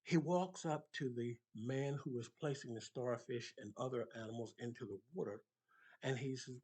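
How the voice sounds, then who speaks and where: A man's voice: medium pitch, moderate pace, darkish tone, breathy edge. An older man giving an impassioned motivational monologue, emphatic and preacherly, rising to passionate peaks. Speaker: motivational speaker.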